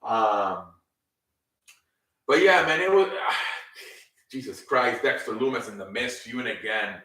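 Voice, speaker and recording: A man's voice: medium pitch, animated, slow pace, sharp tone. A man casually recapping a wrestling show on his own, rambling, with lots of ums and casual swearing. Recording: echoey room, distant mic.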